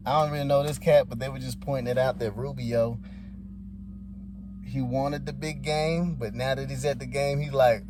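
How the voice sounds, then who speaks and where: A man's voice: mid-range voice, fairly even intonation, moderate pace, noisy background. A man giving rambling, laid-back, slangy commentary as a vlogger. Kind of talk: casual commentary.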